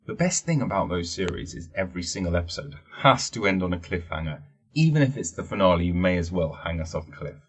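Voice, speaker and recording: Low, husky podcast host, rambling jokey monologue with plenty of swearing. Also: male voice, lively intonation, fast talker. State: wearing teeth-straightening trays. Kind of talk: casual solo podcast chat.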